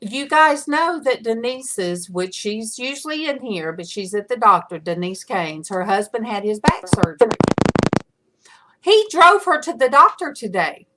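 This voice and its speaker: Middle-aged woman host, slow unhurried delivery, bright forward tone, rambling fillers, camera-mic chat. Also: on the high side, very animated, slight background noise. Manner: chatty, rambling with many fillers. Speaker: livestream host. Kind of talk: casual chat.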